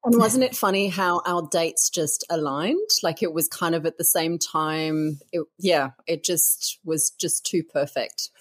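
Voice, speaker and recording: A woman's voice: low voice, measured pace, hardly any pauses, no room sound. A woman, a cheerful podcast guest who laughs often. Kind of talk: casual chat.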